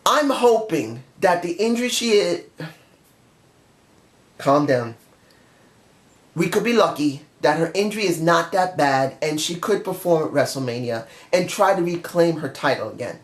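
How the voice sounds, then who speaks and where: A man's voice: on the high side, animated, normal speed. A man giving an emotional, passionate review in a casual monologue straight to his viewers. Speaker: wrestling show reviewer. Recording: echoey room.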